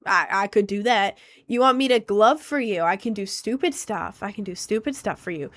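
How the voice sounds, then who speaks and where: A woman's voice: mid-range voice, normal speed, a bit bright. A woman streamer chatting casually on a live stream, rambling with lots of fillers and restarts.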